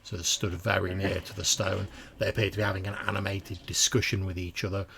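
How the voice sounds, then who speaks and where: A man's voice: low voice, level tone, fast, vocal fry, noisy background. A man narrating a tabletop game as game master, in a casual, filler-heavy way.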